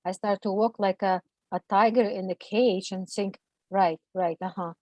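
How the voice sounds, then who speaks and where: A woman's voice at a middle pitch, recorded dry and close with almost no room sound. She talks haltingly and with feeling, in imperfect non-native English. She restarts often and leans on fillers as she tells a personal story as a guest. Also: steady tone, warm tone, no room sound, low-quality recording. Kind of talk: personal account in an interview.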